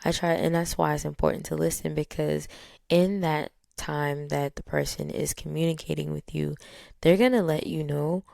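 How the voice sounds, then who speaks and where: This podcast host is a woman with a low, even-toned voice and some vocal fry, musing casually and reflectively. She talks calmly and steadily without hurrying, her tone barely shifting, and she fills pauses with lots of small fillers. The recording is dry and close.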